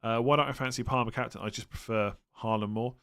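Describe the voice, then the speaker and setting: A man with a smooth, mid-range voice runs a live stream and takes fantasy football questions from his audience. His manner is easygoing: he muses out loud, drops fillers, and gives snap judgments.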